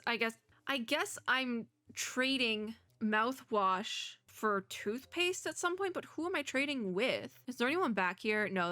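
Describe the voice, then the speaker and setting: A young woman doing let's play commentary, chatty and animated, reading game dialogue aloud. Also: mid-range voice, no echo. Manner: chatty, animated, reads lines in voices, laughs often. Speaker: gaming YouTuber.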